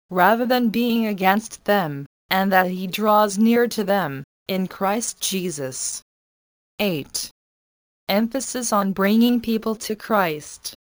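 A woman reading a church committee report aloud in a measured, even way. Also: medium pitch, no room sound. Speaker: reader.

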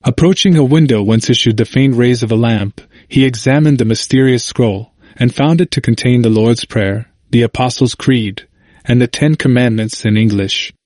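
A man narrating a history book as an audiobook in a measured, even reading. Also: mid-range voice, no room sound, clean studio sound.

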